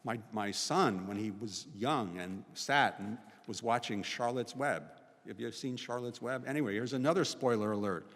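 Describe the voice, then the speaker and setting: A man's voice: mid-range voice, moderate pace, fairly bright tone. A man in his sixties, a professor giving a chatty personal storytelling talk as a guest speaker, often tagging his sentences with "right?". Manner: conversational, frequent "right?" tags. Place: college chapel. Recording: long chapel reverb.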